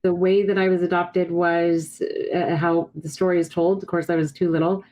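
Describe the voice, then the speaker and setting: Podcast guest: woman from Brazil, native Portuguese speaker, lowish voice, candid and reflective, on a video call. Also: level tone, moderate pace, a little mellow, low-quality recording. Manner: candid, reflective personal storytelling. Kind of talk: casual podcast conversation.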